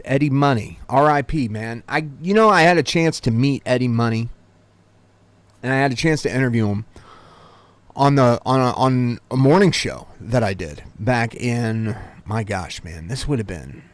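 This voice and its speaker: A man's voice: medium pitch, dry recording. A man in his forties hosting a vinyl record channel, talking casually to camera in a rambling, chatty way with lots of asides. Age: 40s.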